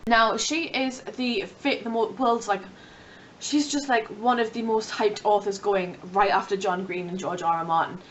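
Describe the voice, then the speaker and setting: A woman's voice: medium pitch, normal speed, distant mic, a little hiss or hum, poor audio. A young woman chatting casually to camera about books, rambling and playful. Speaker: book vlogger.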